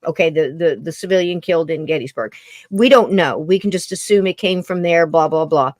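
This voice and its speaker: A woman's voice: low-pitched, fairly quick, dry recording. A woman hosting a podcast in casual conversation, chatty and rambling, often tripping over her words. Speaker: podcast host.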